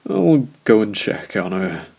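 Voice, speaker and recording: A tipsy older schoolteacher, as a male narrator puts him on, slurring and halting through his words. He talks slowly and unsteadily, a little above the narrator's own low voice, with a gravelly edge. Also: very animated, dark tone, exaggerated voice.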